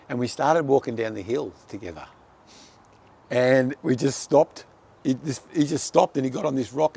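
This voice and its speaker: A man's voice: mid-range voice, creaky, a little mellow, slightly rough. A man giving a personal faith testimony, telling his story in an earnest, heartfelt way.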